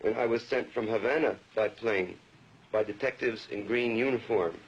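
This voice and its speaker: A man's voice: on the low side, normal speed, slightly rough. A poet reading his own poem aloud in an incantatory, rhythmic way, leaning into repeated lines. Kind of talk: poetry reading. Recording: dull lo-fi archival recording.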